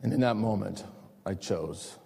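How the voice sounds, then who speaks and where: A man's voice: on the low side, a little slow, gravelly, warm tone, husky. A male pastor preaching a sermon, emphatic and repetitive with rising outbursts. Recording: long reverb of a large hall.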